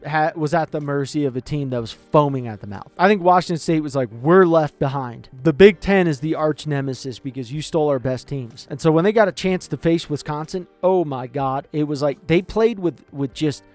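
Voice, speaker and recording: Male sports commentator, animated and rambling, slightly high voice, light music bed. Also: fairly quick, few pauses. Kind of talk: casual opinionated chat.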